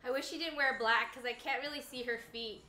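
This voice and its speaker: A woman's voice: high voice, steady tone, fairly quick, bright, forceful tone, faint music behind. A woman streamer in casual livestream chat, chatty and self-deprecating as she answers her viewers.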